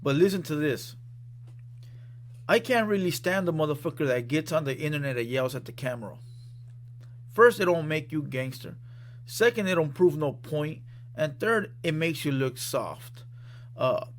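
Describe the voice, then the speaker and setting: A man's voice: a little high, lively intonation, moderate pace, long pauses. A man hosting a reaction channel from a studio room, giving casual commentary in a blunt, profane, conversational way.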